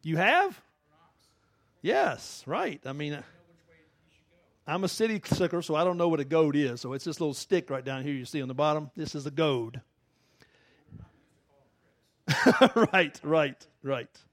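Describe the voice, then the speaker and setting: A man's voice: a little high, unhurried, long pauses, no room sound. A middle-aged male pastor preaching in a conversational way, laughing often and acting out the quotes he tells. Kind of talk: sermon.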